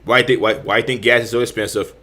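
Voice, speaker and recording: This show host's voice sits on the low side, bright and forceful, with fairly even intonation and a fairly quick pace. He launches into heated, repetitive commentary, restarting mid-sentence and swearing frequently.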